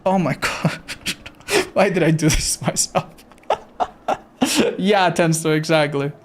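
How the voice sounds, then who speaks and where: A man's voice: fairly high pitch, fairly even intonation, slow pace. A man chatting casually on a livestream, reading chat, swearing freely and laughing often; English is not his first language. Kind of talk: casual live-stream chat.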